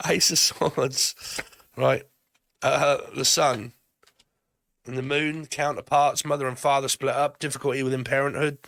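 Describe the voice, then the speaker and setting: A man's voice: mid-range voice, steady tone, a little slow, vocal fry, long pauses, fairly bright tone, no room sound. A man giving a rambling tarot card reading, swearing often and laughing between phrases. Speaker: tarot reader.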